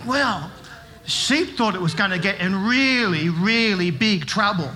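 At a church service with a live audience, a middle-aged man delivers a playful children's talk, telling a joke-filled story and quizzing the kids. His voice is high, pushed and bright, and he takes his time.

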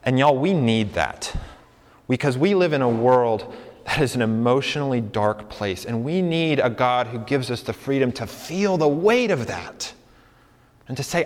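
A man's voice: mid-range voice, expressive, a little slow. A man preaching a sermon as pastor, earnest and conversational. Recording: long hall reverb.

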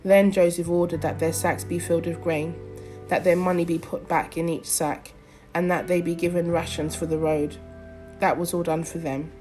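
A young adult woman preaching, praying earnestly with pauses and reading scripture aloud. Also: fairly low pitch, level tone, dark tone, soft background music. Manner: earnest, fervent prayer with pauses and fillers.

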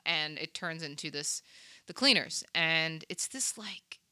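A woman with a very bright, crisp, clear voice, recapping a film for a podcast. She talks in a lively, storytelling way, full of quick asides. The sound is dry and close to the mic. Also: deep voice, no room sound. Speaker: podcast co-host. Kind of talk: casual movie recap chat.

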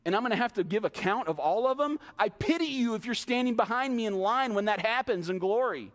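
Animated high-voiced male preacher. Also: fairly quick. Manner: animated preaching, mimics excuses in asides. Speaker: pastor. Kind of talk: sermon. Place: church sanctuary. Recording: long hall reverb.

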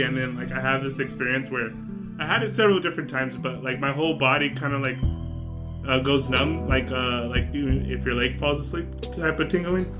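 A man co-hosting a casual podcast chat, telling a story in a rambling, animated way, laughing often and swearing freely. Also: on the high side. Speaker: podcast co-host.

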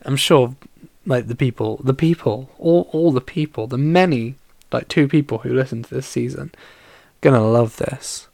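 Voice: mid-range voice, moderate pace, gravelly, darkish tone, no echo. A podcast host chatting casually alone about a film, rambling with constant fillers and restarts, and tired and yawning.

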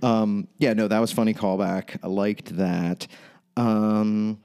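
A man's voice: on the low side, steady tone, takes it slowly, mellow, smooth. A man co-hosting a podcast, chatting casually about a TV episode, rambling and swearing a lot, laughing often. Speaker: podcast co-host. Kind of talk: casual chat recapping a TV episode.

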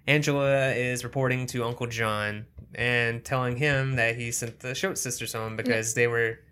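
A woman's voice: very deep voice, steady tone, moderate pace, a bit bright, smooth. A woman co-hosting a podcast, recapping a movie in casual chat and playing along with jokes. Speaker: podcast co-host.

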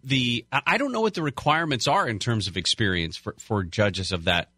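Bright-voiced man radio host. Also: medium pitch, expressive, brisk. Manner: rambling, hesitant asides. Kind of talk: talk radio banter.

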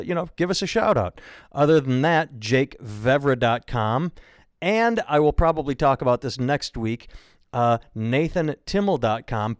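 A man hosting a casual podcast, loose and profane as he chats, jokes and signs off. His voice sits at a middle pitch, recorded close in a dry room with no echo. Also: clear, resonant tone. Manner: profane, chatty, plugs websites. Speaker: podcast host.

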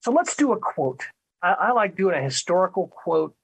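Husky-voiced man hosting a talk show. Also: high-pitched, very animated, moderate pace, rough recording. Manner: conversational, repeats words, frequent "right?". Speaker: radio talk show host. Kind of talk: monologue commentary.

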